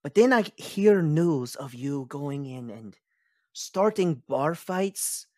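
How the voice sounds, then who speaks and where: A tired older mother scolds her child in a hushed, sighing voice, as a man puts her on in a tabletop game. The delivery is slow and unhurried. The room sounds close and dry. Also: on the high side, expressive, no room sound. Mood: weary scolding.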